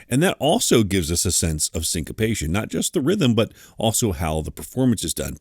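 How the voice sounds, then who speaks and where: Low-voiced man teaching music theory. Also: darkish tone, dry recording, studio quality. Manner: scats rhythms aloud between explanations. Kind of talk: online lesson.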